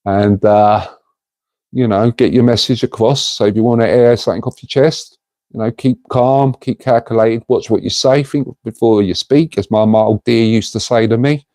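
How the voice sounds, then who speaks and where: A man's voice: medium pitch, steady tone, moderate pace, warm tone, dry recording. A middle-aged man, hosting a casual livestream and talking to viewers in an earnest, rambling way. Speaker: livestream host.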